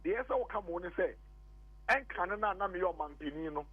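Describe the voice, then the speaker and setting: A man's voice: high-pitched, expressive, normal speed, slightly rough. A Ghanaian man arguing politics as a radio guest, insistent and repetitive, switching between English and Twi. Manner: insistent, repeats points, mixes English and Twi. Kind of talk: heated political argument on a phone-in. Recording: tinny phone line, dry.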